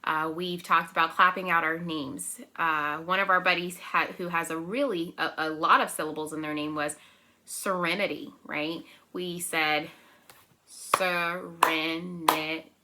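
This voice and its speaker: Teaching a remote circle-time lesson to young children from home, a young preschool teacher speaks in a bright, clear, slightly low voice with fairly even intonation. She is gentle and encouraging, keeps checking in with her listeners, and slows down to count and clap out syllables, with slight background noise audible.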